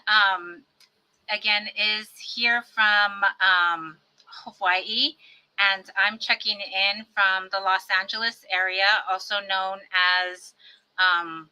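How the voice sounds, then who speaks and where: Bright-voiced woman hosting a virtual event. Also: mid-range voice, clean tone, rough recording. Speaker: host.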